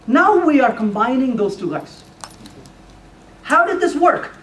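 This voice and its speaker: Brief: middle-aged male conference speaker, lively and joking, distant mic in a reverberant room with faint background noise. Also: very high-pitched, measured pace. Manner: playful, teasing the audience with questions. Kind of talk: live technical talk. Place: meeting room before an audience.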